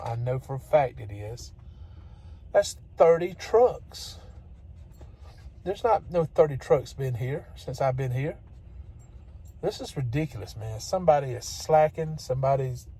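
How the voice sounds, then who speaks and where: Here the truck-driving vlogger's voice runs on the high side with a dark tone. Filming himself on his phone in the truck cab and at the loading dock, he delivers a casual rant, chatty and exasperated, laughing a lot along the way.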